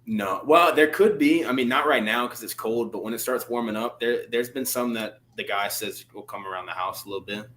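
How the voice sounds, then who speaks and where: A man's voice: mid-range voice, brisk, few pauses, a bit bright, a little hiss or hum. A young man from Louisiana, a guest on a video call, talking in a laid-back, easygoing way. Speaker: guest fighter. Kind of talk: casual interview chat.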